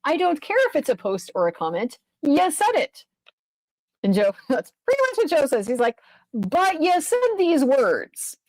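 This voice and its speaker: A woman lawyer talks through a court case in casual commentary, exasperated and swearing freely as she rambles. Her voice sits a little high, and the recording is dry and close with no room sound. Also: wildly swooping pitch, moderate pace, darkish tone, dry recording, rough recording.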